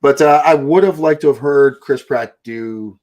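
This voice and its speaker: Medium pitch, a slightly mellow tone, and normal speed mark this male podcast host. He keeps the chat casual, rambling and profane, with mocking put-on voices.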